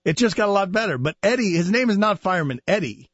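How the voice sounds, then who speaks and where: Man, sports radio host, high voice, incredulous, mocking, dry muffled studio sound. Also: big pitch swings, quick pace, husky, no echo. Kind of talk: casual sports radio banter.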